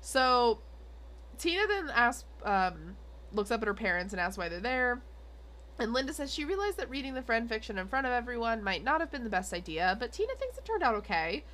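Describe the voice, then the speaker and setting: A woman's voice: a little high, sing-song, a little fast, a bit bright, slight background noise. A young adult woman co-hosting a podcast, recapping an episode in casual chat with lots of fillers and giggles. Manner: rambling with many fillers and giggles. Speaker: podcast co-host.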